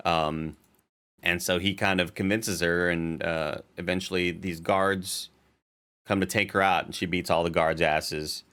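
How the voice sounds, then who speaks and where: A man's voice: sits low, steady tone, a little slow, fairly bright tone, clean tone. A young adult man co-hosting a casual chat, recapping a TV episode in a rambling, profane way with many fillers and restarts. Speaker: podcast co-host.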